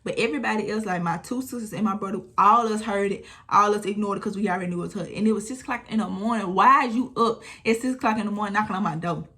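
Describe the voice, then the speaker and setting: A young woman, telling a storytime vlog in a casual, animated way, acting out what people said. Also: mid-range voice, fast talker, hardly any pauses. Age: 20s. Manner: animated retelling, acting out quotes, frequent swearing. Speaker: storytime vlogger.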